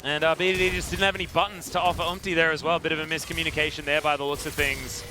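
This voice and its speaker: A man giving fast, excitable play-by-play commentary on an esports match, rising sharply on big plays. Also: a little high. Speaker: esports caster. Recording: game music behind.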